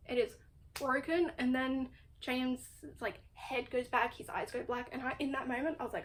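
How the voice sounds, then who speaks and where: High-voiced woman, chatty dramatic recap. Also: little pitch movement, moderate pace, a little hiss or hum. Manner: chatty, full of "like"; exasperated, dramatic storytelling. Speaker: book vlogger. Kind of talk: casual book recap.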